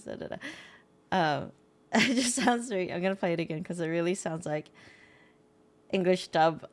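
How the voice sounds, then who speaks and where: A woman's voice: fairly low pitch, moderate pace, long pauses. A woman chatting casually and laughing while she reacts to a language lesson, breaking in with asides. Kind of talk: casual chat.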